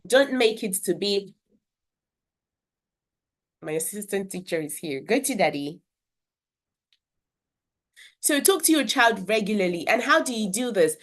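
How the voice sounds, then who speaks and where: Earnest woman teaching parents. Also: mid-range voice. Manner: earnest, explanatory, with brief demonstrations of character voices. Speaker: children's communication educator. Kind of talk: instructional talk to parents.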